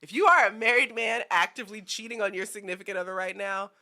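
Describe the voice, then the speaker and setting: Young woman co-host, casual anime chat, bright forward tone, animated storyteller. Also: mid-range voice, quick pace. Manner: animated storyteller, acts out characters' lines. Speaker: podcast co-host.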